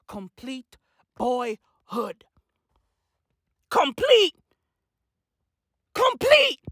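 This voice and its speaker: A young man giving a loud, profane comic rant, full of slang and shouting. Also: extremely high pitch, dry recording, studio quality. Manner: loud, animated, slangy, swears a lot. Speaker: vlogger.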